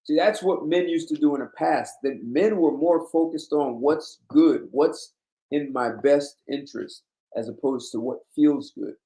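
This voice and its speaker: A man with a slightly high, dark-toned voice speaks at a measured pace, hosting a blunt, emphatic monologue. His manner is casual but lecturing, and the recording has a roomy echo.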